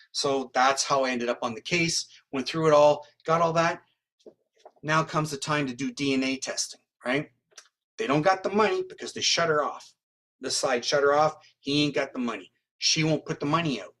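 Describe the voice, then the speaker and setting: A man from Canada, a guest in an interview, telling a long story in a rambling, animated way and acting out what others said. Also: fairly high pitch. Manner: rambling, acts out quoted dialogue.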